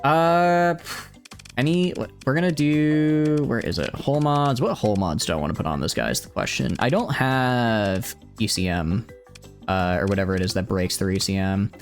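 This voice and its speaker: A man streaming a game live, thinking aloud excitably and chatting with viewers, with hiccups. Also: medium pitch, normal speed, soft background music. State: has hiccups. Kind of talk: live gameplay commentary.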